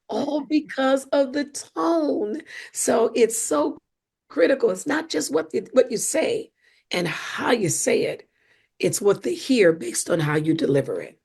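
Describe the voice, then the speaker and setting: On a podcast, a female coach and speaker explains communication, leaning into animated emphasis and acted-out examples. She speaks at a measured pace in a higher, gravelly voice that's slightly rough.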